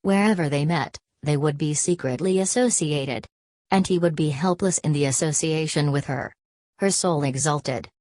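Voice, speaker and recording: A woman narrating a classic novel as an audiobook, reading in a measured, even way. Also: deep voice, no room sound. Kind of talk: scripted narration.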